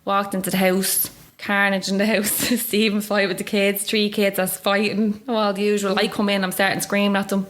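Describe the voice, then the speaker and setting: A woman's voice: mid-range voice, little pitch movement, moderate pace, few pauses. A woman in her thirties with a Dublin Irish accent, telling her story in a chatty interview, full of "like" and quoted dialogue. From Ireland. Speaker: guest.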